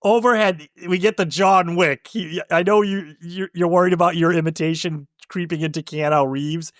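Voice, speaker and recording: A man's voice: fairly high pitch, steady tone, normal speed, fairly bright tone, no echo, clean studio sound. A man co-hosting a casual movie podcast, recapping scenes for listeners in a conversational way. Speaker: podcast co-host. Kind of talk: casual movie review chat.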